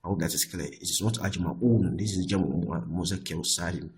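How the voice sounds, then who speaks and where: A man teaching Arabic grammar, often repeating himself and checking with "I hope that is clear.". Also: deep voice, fairly quick, a little mellow, low-quality recording. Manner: restarts and repeats words often. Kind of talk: explaining Arabic grammar on screen.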